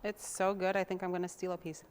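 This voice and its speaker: A woman's voice: lowish voice, little pitch movement, fast, darkish tone, slight background noise. A woman hosting a casual cooking demonstration, chatting to viewers in a homey way while she chops and mixes, sometimes drifting away from the mic. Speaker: cooking show host.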